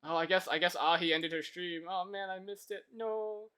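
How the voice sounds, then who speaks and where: A live streamer greeting viewers and thanking them, humming and mumbling quietly between remarks while coding at a desk mic. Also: medium pitch, normal speed, clean tone. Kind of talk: casual chat while coding.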